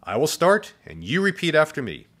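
A man voicing a friendly, cheerful woman teacher in a storybook read-aloud, with a bright sing-song voice. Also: fairly high pitch, wildly swooping pitch, normal speed, slightly rough, voice pushed up, heavily acted. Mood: sweet, cheery.

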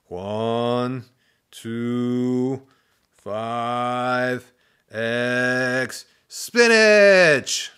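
A man's voice: medium pitch, lively intonation, takes it slowly, a bit bright, pitched above the performer's own voice. A man voicing a timid, nervous new zombie boy in a storybook read-aloud, speaking shyly and hesitantly. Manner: shy and hesitant.

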